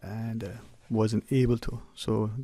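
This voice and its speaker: A man hosting a call-in radio show, his voice gravelly with fry. He chats in an easygoing way and often restarts his sentences. The studio sound is dry and close. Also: lowish voice, little pitch movement, measured pace, mellow, dry recording. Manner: easygoing, chatty, with frequent restarts. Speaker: radio talk show host. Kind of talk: casual call-in radio chat. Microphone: close studio mic.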